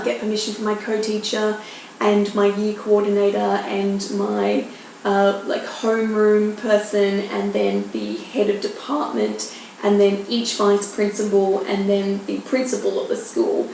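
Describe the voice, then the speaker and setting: Australian woman, chatty storyteller, vocal fry, very roomy recording with faint hiss. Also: mid-range voice, darkish tone. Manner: chatty storyteller, acts out quoted voices. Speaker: journalist guest. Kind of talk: podcast interview, anecdotal storytelling. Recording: very echoey room, faint noise.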